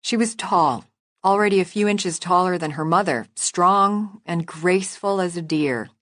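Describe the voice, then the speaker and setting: Reading scripted narration from a novel, a woman with a fairly low pitch keeps her storytelling measured and even. The audiobook recording has no echo and studio quality.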